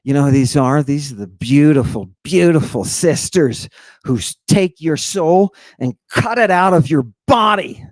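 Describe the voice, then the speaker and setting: A man giving a theatrical lecture on ancient texts, firing off rhetorical questions and dropping into hushed tones. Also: on the high side, animated, measured pace, no echo. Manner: dramatic, rhetorical questions, sudden hushed drops.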